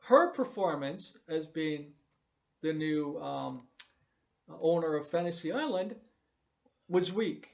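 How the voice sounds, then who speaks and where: A man's voice: fairly high pitch, expressive, slow pace, vocal fry, pauses often. A man giving a blunt, profane, repetitive review of a TV show during a casual live stream. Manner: blunt, emphatic, profane, repeats himself.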